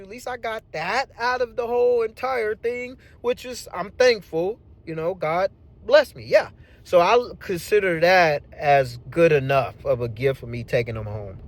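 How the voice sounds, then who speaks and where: A man telling a personal work story in a casual, animated, slangy way, as a channel host. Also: sits high, moderate pace, no room sound. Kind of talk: storytelling vlog.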